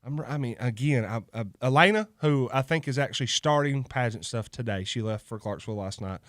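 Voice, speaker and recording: A man's voice: mid-range voice, fairly quick, a bit bright, dry recording. A man hosting a local radio show from the studio. He talks in a loose, joking way and laughs easily between sponsor reads. His voice is close and dry on the studio microphone. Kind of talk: casual on-air chat with sponsor reads.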